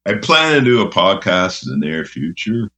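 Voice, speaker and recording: A man's voice: sits low, very animated, moderate pace, pushed and bright. A man telling rambling, laughing anecdotes in a casual interview. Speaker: radio host guest. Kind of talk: casual storytelling.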